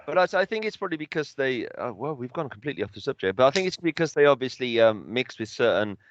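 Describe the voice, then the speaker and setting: A man's voice: medium pitch, very animated, fast, dull audio, a little hiss or hum. A man, co-hosting a podcast in casual chat, telling stories and giving blunt opinions. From England. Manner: opinionated storytelling, swearing. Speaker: podcast co-host.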